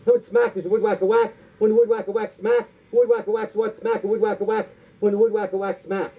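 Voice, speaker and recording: A man's voice: sits high, little pitch movement, husky. A man doing stand-up comedy, rattling off long tongue twisters and sounding out of breath. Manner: rapid tongue-twister patter with silly punchlines. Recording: tinny phone-like sound.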